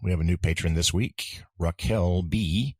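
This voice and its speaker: A man co-hosting a casual language-lesson podcast, relaxed and jokey. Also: low-pitched, moderate pace, dry recording. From United States. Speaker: podcast co-host.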